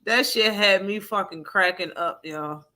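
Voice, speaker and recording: A woman's voice: medium pitch, measured pace, sharp tone. A woman hosting a live boxing talk stream in casual, profane chat, laughing often and answering her chat.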